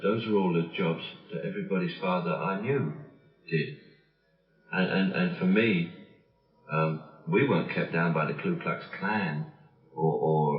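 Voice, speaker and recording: A man with a Cockney London accent speaking in an interview, hesitant and full of restarts, yet wry and pointed. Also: low voice. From London, England. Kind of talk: reflective interview talk. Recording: old dull interview recording, roomy and distant.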